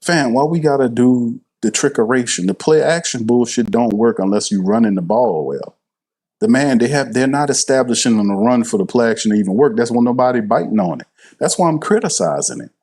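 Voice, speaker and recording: A man's voice: mid-range voice, brisk, a little mellow, husky. A man, hosting a live sports stream, blunt and passionate, swearing freely and repeating himself for emphasis. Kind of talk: heated live sports commentary.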